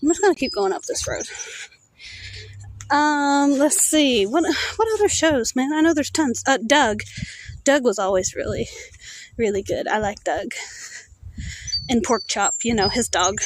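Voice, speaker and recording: A woman in her thirties with a notably high voice streams while she walks along a road outdoors. She takes her time, rambling and stopping with lots of fillers as she digs for memories. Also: poor audio. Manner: rambling, halting recall with many fillers. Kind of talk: casual chat while walking.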